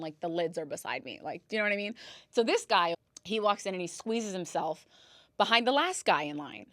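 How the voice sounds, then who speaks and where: A young woman hosts a casual podcast and tells her stories with animated, dramatic delivery, swearing now and then. Her voice sits at an ordinary pitch for a woman. The sound is dry and close, with no room echo. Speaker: podcast host. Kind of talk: casual storytelling monologue.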